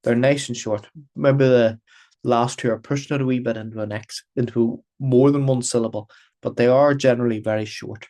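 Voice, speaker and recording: A man's voice: medium pitch, fairly even intonation, moderate pace, dark tone. A man giving a recorded grammar lesson as a language teacher, explaining patiently and repeating terms in two languages. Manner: patient, repetitive explaining, switching between Irish and English.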